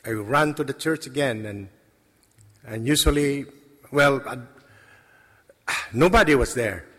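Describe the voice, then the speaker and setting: Slow, earnest man in a reverberant hall. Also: mid-range voice, fairly bright tone. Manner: earnest and halting, with many pauses and restarts. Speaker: lay speaker giving a testimony. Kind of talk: personal faith testimony to a congregation. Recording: long reverb of a large hall.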